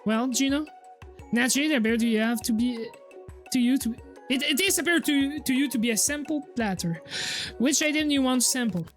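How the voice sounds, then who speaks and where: Flustered tiny dog professor, high and hurried, a woman putting him on, game voice. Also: faint music behind, close to an everyday voice. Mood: rambling. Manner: rushed, apologetic rambling. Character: frazzled small male dog professor.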